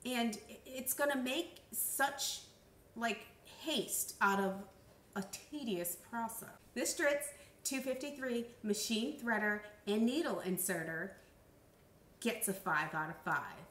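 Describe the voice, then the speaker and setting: A woman reviews sewing gadgets in a bubbly, joking manner and treats her viewers as friends. Her voice is bright and a touch high. It is recorded from a distance in an echoey room. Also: lively intonation, slow, slight background noise. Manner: chatty, bubbly, jokey, addresses viewers as friends. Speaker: sewing pattern maker and product reviewer. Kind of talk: casual product review vlog.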